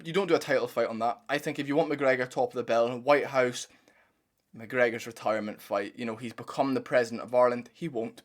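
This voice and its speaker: This is a young man, delivering a blunt, profane commentary rant. His voice sits at an ordinary middle pitch. His delivery is animated and opinionated throughout. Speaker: MMA commentator channel host. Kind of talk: ranting reaction commentary.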